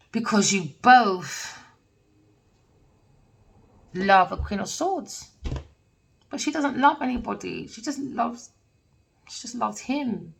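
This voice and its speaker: A woman's voice: medium pitch, vocal fry, far from the mic, a little hiss or hum, poor audio. A woman giving a casual tarot reading, rambling and emphatic with plenty of slang. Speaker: tarot reader.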